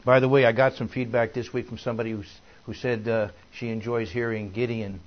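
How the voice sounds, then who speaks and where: A man's voice: mid-range voice, level tone, a little fast, highs cut off. A man preaching a sermon as a minister, folksy and rambling with many fillers and restarts.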